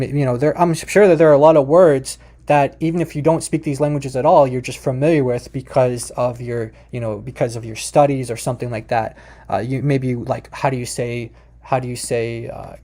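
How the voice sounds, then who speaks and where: A man's voice: medium pitch, warm tone. A man hosting a video, explaining casually to viewers with many fillers and restarts. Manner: addresses viewers directly. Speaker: video host explaining a language.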